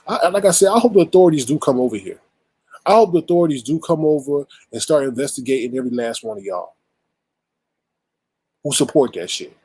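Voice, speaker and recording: Husky-voiced man ranting bluntly. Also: medium pitch, expressive, normal speed, pauses often, a little mellow, no echo, rough recording. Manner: blunt, exasperated, rhetorical, profane. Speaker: commentary channel host. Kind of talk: casual ranting commentary.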